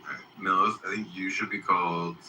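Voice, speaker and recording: Low bright-toned man ribbing people. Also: flat delivery, normal speed, echoey room, far from the mic, a little hiss or hum, poor audio. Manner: mocking, teasing banter. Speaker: voice chat room host. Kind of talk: casual online voice chat.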